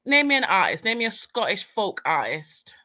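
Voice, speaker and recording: A woman's voice: mid-range voice, very animated, normal speed, bright, forceful tone, no echo. A woman from Liberia on a live panel, teasing and arguing with the others and laughing as she pushes them. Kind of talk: casual panel chat.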